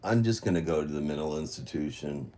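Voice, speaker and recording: A man's voice: rumbling low, fairly quick, warm tone. A man livestreaming an emotional apology from his phone at home, frustrated and swearing, muttering to himself.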